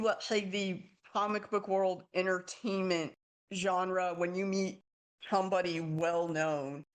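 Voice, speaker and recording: A man hosting a podcast, chatting casually and asking his guest questions. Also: high voice. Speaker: podcast host. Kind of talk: casual interview.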